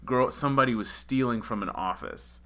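Laughing, animated male podcast host. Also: medium pitch, fairly quick. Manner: animated storyteller, laughs often. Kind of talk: casual interview chat.

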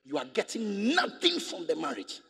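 A man's voice: high-pitched, wildly swooping pitch, moderate pace, creaky, pushed and bright. A male pastor preaching a sermon, emphatic and fond of repeating rhetorical questions to his congregation. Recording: echoey hall with long reverb.

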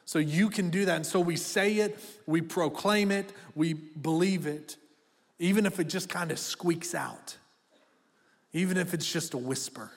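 A man's voice: on the high side, a little slow. A man in his thirties preaching a sermon as pastor, conversational and direct, asking the congregation to speak back. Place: church auditorium. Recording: long reverb of a church hall.

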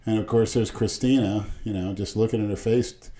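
Low, mellow man, blunt and meandering. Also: steady tone, fairly quick. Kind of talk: casual chat.

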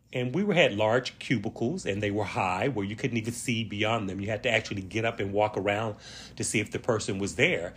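A man with a Southern accent hosting a reflective solo monologue, speaking slowly and deliberately with drawn-out emphasis. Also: on the low side, fairly bright tone, slight background noise. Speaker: podcast host. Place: Washington, D.C.

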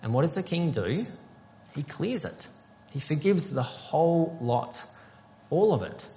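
Male pastor, conversational sermon; slightly high voice, long hall reverb. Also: animated, a little slow, mellow, dull audio, a little hiss or hum. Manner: conversational, explanatory preaching with rhetorical questions.

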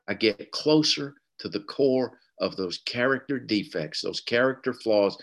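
A man's voice: medium pitch, a bit bright. A man in his sixties with a Southern US accent, telling his recovery story at an online meeting, candid and emotional with wry humor. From American South. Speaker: speaker sharing a recovery story.

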